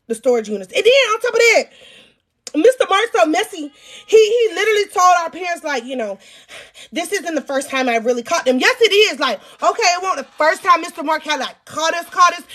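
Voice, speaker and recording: A woman with a high voice tells a storytime to her viewers. She is crude and self-mocking. She speaks right to the camera and gets loud when she teases her younger self. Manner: animated, loud bursts when teasing herself. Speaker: vlogger. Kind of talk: storytime vlog.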